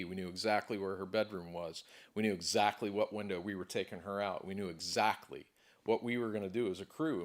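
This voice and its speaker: Lowish-voiced guy on stage giving a pumped-up motivational talk, hammering the same line over and over. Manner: emphatic, repetitive, building intensity. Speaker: motivational speaker. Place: conference hall.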